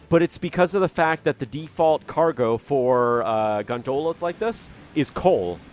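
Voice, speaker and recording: Talking at normal speed with few pauses, a young man with a slightly high, animated voice casually narrates his gameplay for his gaming channel. He speaks into a desk microphone at his home computer, chatty and self-deprecating as he thinks aloud.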